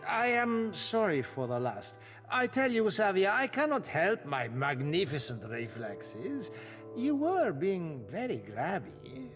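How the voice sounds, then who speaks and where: A drunken, boastful sailor in a cell. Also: male voice, sits high, sing-song, fairly bright tone, heavily acted. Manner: grandiose, wheedling, theatrical, drawn-out delivery. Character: drunken boastful jailed sailor, middle-aged man. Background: game music.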